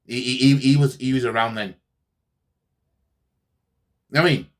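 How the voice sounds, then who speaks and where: A man's voice: mid-range voice, moderate pace. A man hosting a fan channel, ranting sarcastically in a heated football reaction, repeating himself as he goes.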